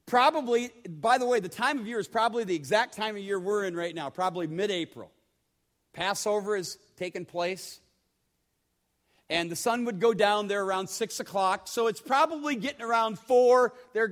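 A pastor with a high-pitched voice preaching to his congregation. His delivery is conversational, with repeated words and direct questions to the listeners. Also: normal speed, a bit bright. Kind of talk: sermon.

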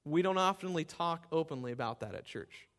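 A man's voice: expressive, fairly quick, fairly bright tone. A man preaching a sermon, reading scripture with fervent, rising emphasis and then explaining it to his church. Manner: impassioned scripture reading, rising in pitch and volume. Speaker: pastor.

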